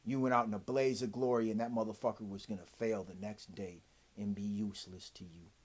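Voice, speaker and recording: A man vlogging a profane, heated rant to camera, swinging between loud outbursts and low mutters, with a dry throat. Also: flat delivery, brisk, husky.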